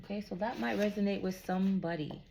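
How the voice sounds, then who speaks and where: A woman with a mid-range, gravelly voice talks fast while giving a casual spiritual card reading, with background noise behind her. She reassures an unseen "somebody" and keeps checking in with "okay?"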